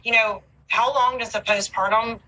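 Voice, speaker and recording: A woman's voice: a little high, steady tone, moderate pace, bright, forceful tone, slight background noise, poor audio. A woman in her thirties, a podcast guest, talking candidly and with animation, full of fillers. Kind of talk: casual conversation.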